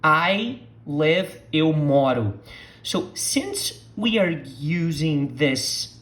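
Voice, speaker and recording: Slow, deliberate teacher. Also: mid-range voice, animated, a bit bright. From southern Brazil. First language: Portuguese. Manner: deliberate, models words for the listener to repeat. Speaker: language teacher. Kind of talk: language lesson.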